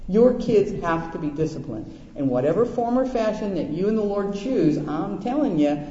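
Male pastor, middle-aged, folksy storyteller, mellow tone, dull lo-fi hall recording. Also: high-pitched, expressive, moderate pace. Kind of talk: sermon. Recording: echoey hall, dull lo-fi sound.

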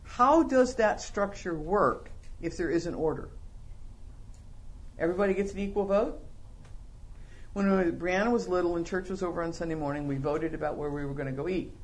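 Middle-aged guy teaching a bible lesson, lively, jokey, fires off questions. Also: on the high side, brisk. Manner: animated, rhetorical questions, joking asides. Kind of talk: sermon-style Bible lesson.

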